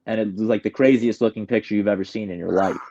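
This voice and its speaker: A man's voice: fairly low pitch, fairly even intonation, fast talker, mellow, highs cut off. A man from New York telling his recovery story in a candid, emotional, rambling way, often starting his sentences over. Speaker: guest sharing recovery story.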